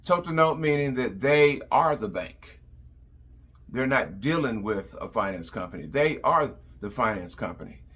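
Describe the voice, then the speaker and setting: Plain-spoken man with a bright tone. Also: medium pitch, lively intonation, unhurried, breathy edge. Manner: plain-spoken, repeats words, many fillers. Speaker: car salesman. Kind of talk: advice vlog talk.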